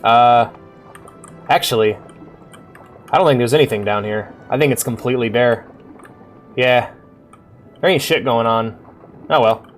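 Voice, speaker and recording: A man's voice: mid-range voice, measured pace, long pauses, faint music behind. A man casually commenting while streaming a game, upbeat and chatty, laughing and swearing easily.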